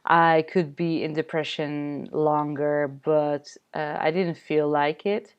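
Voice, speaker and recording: A woman from the Netherlands, a spiritual coach, telling a personal story in a candid vlog, halting with many fillers. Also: low voice, fairly even intonation, smooth, muffled recording. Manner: candid, confessional.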